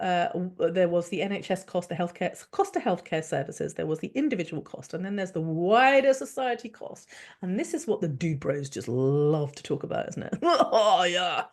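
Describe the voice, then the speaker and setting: A woman hosts her own podcast in an outraged solo rant. Her voice sits fairly low, but her pitch leaps all over the place as she swears and piles on the sarcasm. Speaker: podcast host.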